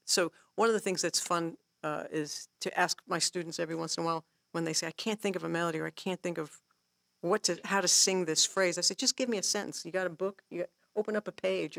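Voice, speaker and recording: Gravelly woman telling songwriting stories. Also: fairly low pitch, no echo, studio quality. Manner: animated storyteller, acts out her own inner voice; laughs often while explaining. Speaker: songwriting guest teacher. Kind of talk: casual workshop talk.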